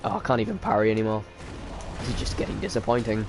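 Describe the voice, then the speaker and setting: This streamer's voice is fairly low, sing-song and fast, with vocal fry and music in the background. He casually comments on his game, jokes at his own expense, and chats with viewers by name.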